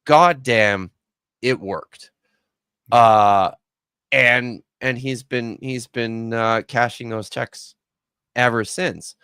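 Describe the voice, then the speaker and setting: Guy guest talking slow and exasperated, dry close mic, voice goes up and down a lot. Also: medium pitch, pushed and bright, clear, resonant tone, no room sound. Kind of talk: casual reaction chat.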